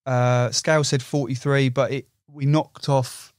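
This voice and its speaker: Young man, podcast guest, animated storyteller, swears casually, dry close sound. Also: medium pitch, unhurried, dry recording. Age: young adult. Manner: excitable storyteller, swears, uses "you know" a lot. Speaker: podcast guest, carp angler. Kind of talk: casual chat.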